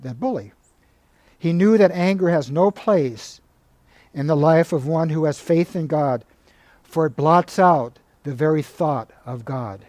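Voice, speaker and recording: Mellow-voiced monk telling a calm story. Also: male voice, on the high side, no room sound. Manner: calm, measured storytelling with reading aloud of quoted passages. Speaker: monk giving a spiritual talk. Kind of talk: spiritual talk retelling stories.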